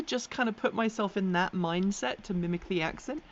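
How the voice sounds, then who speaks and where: Hosting a relaxed live stream about electric vehicle news, a chatty woman from England reads viewer comments and rambles at a normal pace with a medium-pitched voice, plenty of ums, and easy laughter. Now and then her English accent drifts toward American. The audio sounds slightly dull, with faint background noise.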